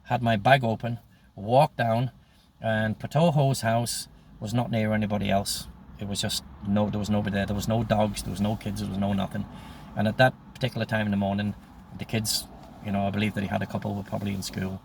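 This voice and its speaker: A man's voice: on the low side, little pitch movement, fairly quick, gravelly, slight background noise. A man in his sixties telling a story from his past, blunt and profane, often breaking off and restarting. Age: 60s. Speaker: storyteller recounting his life. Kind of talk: personal storytelling monologue.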